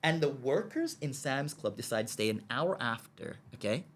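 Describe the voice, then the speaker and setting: A podcast guest recounts a story at normal speed in a mid-range voice. He performs the dialogue from each scene, checks in repeatedly with "okay?", and stammers and repeats himself when he gets worked up.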